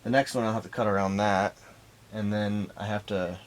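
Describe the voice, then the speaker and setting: Working inside a hot vintage camper, a DIY restoration vlogger with a lowish, fairly even voice comments casually to himself on what he's doing. He takes his time, though he's out of breath at moments.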